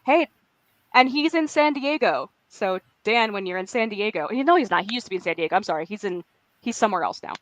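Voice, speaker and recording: A woman's voice: mid-range voice, expressive, fast, fairly bright tone, no room sound, low-quality recording. Californian woman talking through a cold. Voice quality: chatty, lightly self-mocking. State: has a cold. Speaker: writing group co-host. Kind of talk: casual chat. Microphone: video call.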